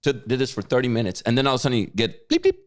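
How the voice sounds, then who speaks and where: A man co-hosting a podcast, telling a story with lively acted-out quotes. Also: medium pitch, racing, no echo, clean studio sound. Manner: animated storyteller, acts out quotes. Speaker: podcast co-host. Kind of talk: casual chat.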